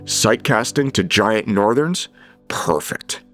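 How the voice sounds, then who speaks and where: A fishing show host narrates in a low, steady voice. It is a scripted voice-over read in a studio, with clear music playing underneath. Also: male voice, takes it slowly.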